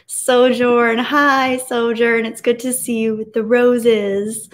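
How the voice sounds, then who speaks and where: A woman hosts a casual live stream, greeting viewers and reading their messages aloud, and turns soft and reflective when discussing grief. Her pitch is medium and her pace measured.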